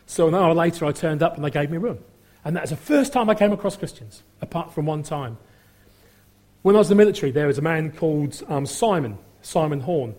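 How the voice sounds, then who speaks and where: This is a middle-aged man giving a personal testimony, his voice on the high side, mellow and slightly rough. He rambles with many fillers and acts out the voices of the people he quotes.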